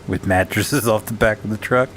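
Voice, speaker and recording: A man's voice: on the low side, normal speed, a bit bright, slight background noise. A man streaming a game and chatting casually with a friend in a joking, playful way. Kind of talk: casual chat while gaming.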